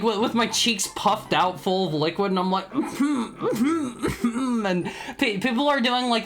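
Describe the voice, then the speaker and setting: A man's voice: high-pitched, a bit bright. Playful stammering young streamer guy. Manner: stammering, playful, laughs often. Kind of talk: casual livestream chat reading chat messages. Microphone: studio microphone.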